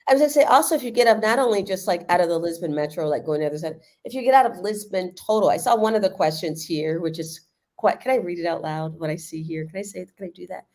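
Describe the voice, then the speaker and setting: A woman with a lowish voice talks through her points on a video call, explaining at length and breaking into laughter. Her delivery is casual and animated, full of asides and questions to the host. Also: quick pace. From United States. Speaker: guest living in Lisbon. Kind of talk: casual livestream discussion.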